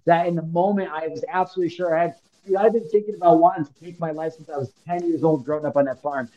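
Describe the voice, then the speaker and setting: Casual storytelling man, dark and muffled. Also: fairly high pitch, fairly even intonation, fast talker. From Illinois, United States. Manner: casual slangy, emphatic, acts out quoted lines. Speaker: podcast guest. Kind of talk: personal storytelling.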